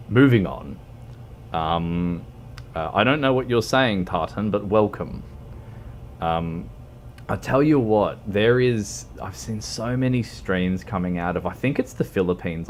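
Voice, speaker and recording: A man's voice: low voice, slight background noise. A man chatting on a game livestream. He rambles and hesitates with lots of ums and keeps joking at his own expense. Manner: self-mocking joker who laughs a lot. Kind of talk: casual stream chat while gaming. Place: at home, wearing a fox costume.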